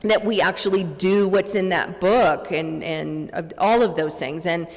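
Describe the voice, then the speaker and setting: A middle-aged woman speaks from a podium in a big meeting hall, her rather low voice trailing into a long reverb. She tells her recovery story earnestly, stumbling through restarts and acting out the dialogue as she goes. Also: fairly even intonation, unhurried. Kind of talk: personal recovery story told to an audience.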